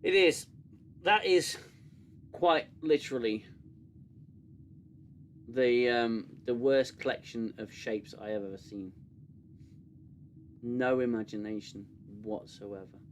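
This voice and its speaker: A man's voice: medium pitch, takes it slowly, long pauses, slight background noise. A British man hosting a live review stream, ranting sarcastically and swearing freely. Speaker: show host.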